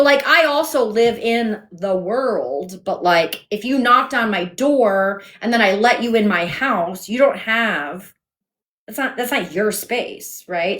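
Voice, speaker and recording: A fairly high-voiced woman runs a heated live debate from home on her phone. She is firm and sarcastic, cutting in over her guest and keeping control of the stream. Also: a bit bright. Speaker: livestream host.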